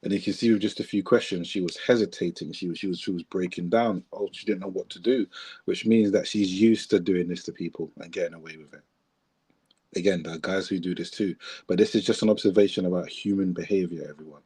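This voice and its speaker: Low husky man giving podcast commentary. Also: fairly even intonation, fast, mellow. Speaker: podcast co-host.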